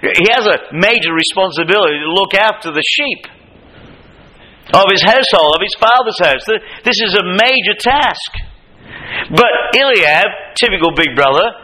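Impassioned bright-voiced male preacher. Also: sits high, moderate pace, low-quality recording. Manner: impassioned, emphatic, with lively asides. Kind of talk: sermon.

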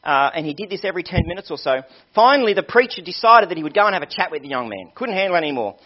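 A man's voice: high voice, big pitch swings, very fast. Man preaching a storytelling sermon. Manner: storytelling, earnest appeals. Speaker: pastor. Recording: dull lo-fi sermon recording.

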